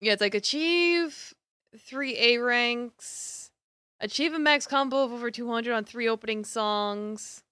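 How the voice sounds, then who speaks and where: A woman's voice: a little high, measured pace, pushed and bright, smooth, no echo, clean studio sound. A young woman streaming a game, chatting casually and thinking aloud in a bemused way. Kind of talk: casual gameplay commentary.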